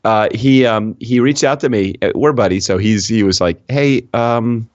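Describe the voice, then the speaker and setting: Chuckling podcast co-host, dull dry sound. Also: male voice, lowish voice, dry recording. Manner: laughs often, halting restarts. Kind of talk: casual chat.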